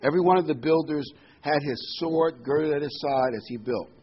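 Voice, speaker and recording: A man's voice: on the high side, moderate pace, breathy edge, highs cut off. A man preaching a sermon in a folksy way, with corny jokes and frequent ums.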